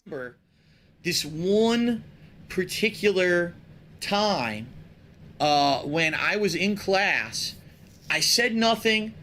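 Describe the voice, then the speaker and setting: A man's voice: sits high, expressive, takes it slowly, long pauses, sharp tone, a little hiss or hum. A man telling a rambling, indignant story about his school days in a casual tone.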